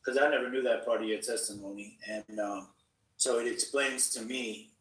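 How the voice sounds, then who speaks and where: Low-voiced guy talking slow and halting, far from the mic. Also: fairly even intonation, fairly bright tone, echoey room. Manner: halting, searching for words. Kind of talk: reflective conversation.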